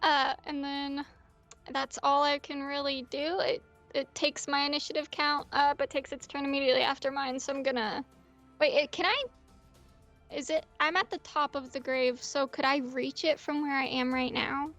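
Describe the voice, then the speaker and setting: High-voiced woman player thinking aloud. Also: little pitch movement, normal speed, fairly bright tone, soft background music. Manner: chatty, hesitant, thinking aloud. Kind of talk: casual tabletop play.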